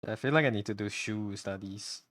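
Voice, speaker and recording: A man's voice: lowish voice, fairly quick, a bit bright, no echo, studio quality. A man chatting casually on a live stream while he draws, rambling and goofy, with hiccups.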